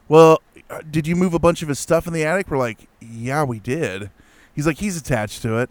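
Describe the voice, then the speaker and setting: A man casually telling a spooky personal story, animated and full of fillers and restarts. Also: fairly high pitch, a little fast, clean tone, no room sound. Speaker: guest telling a ghost story.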